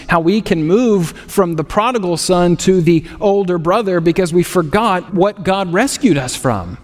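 A man with a high voice preaches to his congregation, earnest and now and then dryly sarcastic. His voice rings out with a long reverb, as in a large church hall. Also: darkish tone. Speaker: pastor. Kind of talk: sermon.

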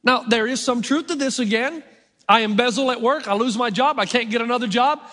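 A man's voice: very high-pitched, fairly quick, fairly bright tone. A middle-aged man preaching a sermon as pastor, talking conversationally with self-mocking humor. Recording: long hall reverb.

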